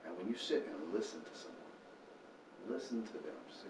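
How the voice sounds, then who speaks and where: A man with a lowish voice, speaking at normal speed, recounts earnest faith stories as the founder of a homeless ministry in an interview. He's animated and acts out others' quotes. The sound is roomy and distant, with faint noise.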